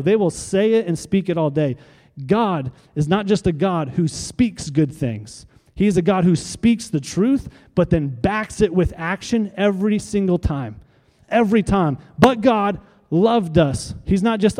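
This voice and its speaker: High-voiced man preaching in a reverberant hall. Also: animated, moderate pace, mellow. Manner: preaching with emphatic repetition and call-and-response. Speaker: pastor. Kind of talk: sermon.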